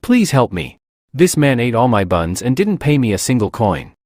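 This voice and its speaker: A man's voice: medium pitch, very animated, moderate pace, a little mellow, no echo, studio quality. A man voicing a desperate shopkeeper who pleads for help. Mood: pleading.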